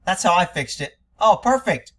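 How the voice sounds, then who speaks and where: A man's voice: high voice, lively intonation, normal speed, fairly bright tone. A man giving critical commentary on an interview recording, blunt, sarcastic and scornful, sometimes swearing. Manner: profane. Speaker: commentator reacting to interview audio.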